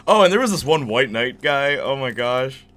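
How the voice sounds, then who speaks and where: A young man with a mid-range, slightly bright voice hosts a gaming channel, chatting casually as he plays. He's animated and moves at a moderate pace, rambling along and telling stories as he goes.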